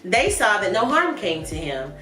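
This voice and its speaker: A woman's voice: mid-range voice, sing-song, normal speed. A woman teaching a Sunday school lesson in a conversational way, talking earnestly and directly to her viewers. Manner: earnest, warm laughs at asides, talks directly to viewers. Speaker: Bible study teacher. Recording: roomy, from a distance, with soft music behind. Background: faint background music.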